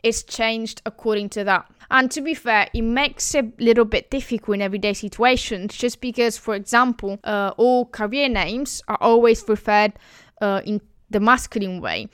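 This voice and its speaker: A woman's voice: a little high, moderate pace, clean tone, no room sound, studio quality. A woman from Italy, a native Italian speaker, explaining her language in English with an Italian accent. She talks in a chatty, giggly way and often restarts her sentences. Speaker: language vlogger. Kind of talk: casual explainer.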